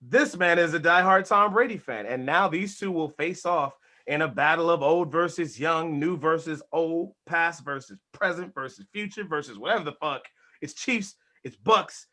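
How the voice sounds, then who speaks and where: A man hosting a casual sports podcast, hyped and energetic, swearing casually as he talks. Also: fairly high pitch, moderate pace. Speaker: podcast host.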